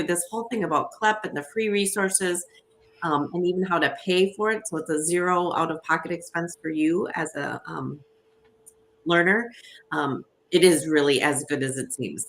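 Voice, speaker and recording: A woman's voice: lowish voice, moderate pace, a bit bright, slight background noise. A woman with a Minnesota accent giving an upbeat, chatty presentation as a guest, with frequent ums. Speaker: guest presenter from an education nonprofit. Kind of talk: conversational presentation.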